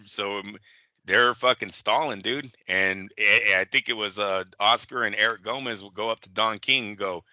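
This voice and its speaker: A man's voice: fairly low pitch, normal speed, pushed and bright, no echo. A man co-hosting a casual boxing talk show, telling stories animatedly, swearing freely and mimicking people. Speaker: podcast co-host. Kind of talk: casual chat.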